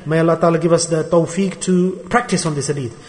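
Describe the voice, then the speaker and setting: A man's voice: a little high, fairly even intonation, quick pace, darkish tone. A man preaching a sermon to a gathering in a hall. He retells a story with emphasis and asks his listeners rhetorical questions. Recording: long reverberant hall.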